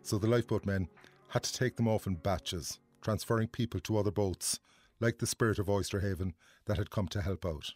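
Low-voiced documentary narrator. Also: male voice, no room sound, faint music behind. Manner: measured, even storytelling. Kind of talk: scripted narration.

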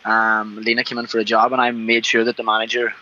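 A man's voice: medium pitch, fast, highs cut off. A Northern Irish man, a restaurant owner, talking easily in a radio interview from outside his seaside restaurant. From Northern Ireland. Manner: relaxed, easygoing storyteller.

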